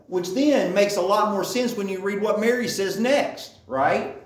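A man leads a Bible teaching in a loose, chatty way and keeps checking that his listeners follow along. His voice sits a little high for a man. The sound carries a clear echo from the room around him. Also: a little slow. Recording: echoey room.

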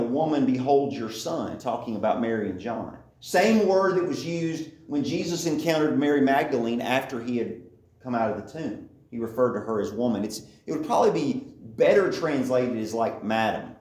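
A man's voice: medium pitch, a little mellow. A man giving a conversational Bible teaching, often checking in with his listeners. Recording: echoey room.

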